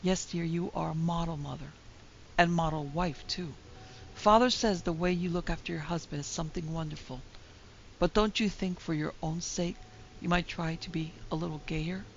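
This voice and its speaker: A woman's voice: lowish voice, moderate pace, a little hiss or hum, lightly acted. A woman reading the part of a brusque, blunt young woman who scolds her friend impatiently, in a dull lo-fi recording. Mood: scolding.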